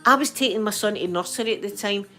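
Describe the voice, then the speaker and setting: A middle-aged Scottish woman hosting her channel, telling a story in an animated, chatty, colloquial way. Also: mid-range voice, fast, faint music behind. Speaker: channel host. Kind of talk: storytelling chat.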